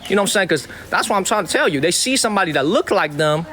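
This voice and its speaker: A Chicago man with a Chicago accent livestreams from outdoors and talks straight to his chat. His voice sits high and swings widely up and down. He stays emphatic, repeats his points and thanks viewers by name. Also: lively intonation, very fast, sharp tone. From Chicago, USA. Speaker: livestream host. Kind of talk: casual live-stream talk to chat. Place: outdoors in a Chinese water town.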